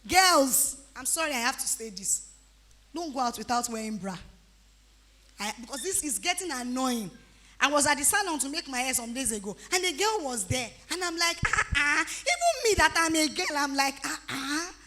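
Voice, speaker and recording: A woman in her thirties with a Nigerian accent, speaking to teenagers at a youth retreat in a lively, teasing way. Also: high voice, normal speed. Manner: animated, teasing, breaks into pidgin-flavored asides.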